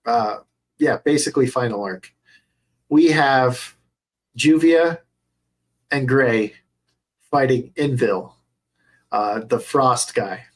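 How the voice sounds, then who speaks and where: A young adult man co-hosting a podcast in casual chat, excitable and cursing freely as he retells scenes. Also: mid-range voice, takes it slowly, long pauses. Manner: excitable, swears a lot while retelling scenes. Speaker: podcast co-host.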